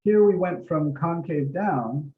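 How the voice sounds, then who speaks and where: Speaking slowly in a voice on the high side, a male math instructor runs an easygoing office-hour lesson. He narrates each step as he draws and occasionally swears mildly. Expect a roomy, dull lo-fi recording.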